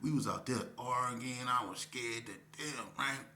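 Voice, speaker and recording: A middle-aged man from Las Vegas telling his own story in casual street talk, acting out other voices with sudden high shouts. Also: a little slow, background noise. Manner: animated, acts out quoted voices with sudden high-pitched shouts. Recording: echoey room.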